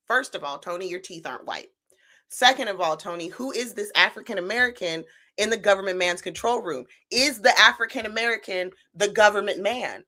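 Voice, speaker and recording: A woman's voice: medium pitch, a little fast, pushed and bright. A woman hosting a live stream, mocking and riffing on the clips she plays in casual, sarcastic chat. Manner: sarcastic, mocking, laughing commentary. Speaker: stream host.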